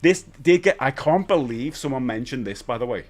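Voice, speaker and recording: A British man in his forties hosting a casual live stream, animated, jumping between excited high bursts and low mutters. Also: normal speed, soft background music. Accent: British English. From United Kingdom. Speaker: livestream host.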